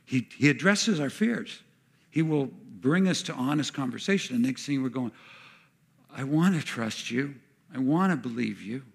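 A man preaching a sermon in an animated way, acting out the voices of the people he quotes. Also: mid-range voice, normal speed, gravelly, husky. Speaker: pastor.

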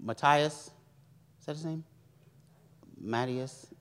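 A young man preaching a sermon in a lively, joking way, acting out the voices of others. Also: a little high, slow, clear, resonant tone.

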